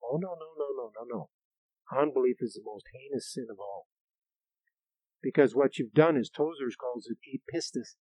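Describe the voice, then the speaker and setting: A man's voice: mid-range voice, no room sound, poor audio. Dry-sounding male pastor preaching. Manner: preaching, rising loud for scripture readings, quieter asides. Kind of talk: sermon.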